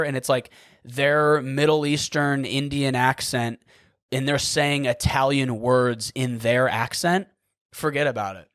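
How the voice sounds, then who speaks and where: A man's voice: medium pitch, no echo, studio quality. A young man hosting a podcast, telling a story in a rambling casual way, full of "like" and casual swearing. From United States. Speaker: podcast host.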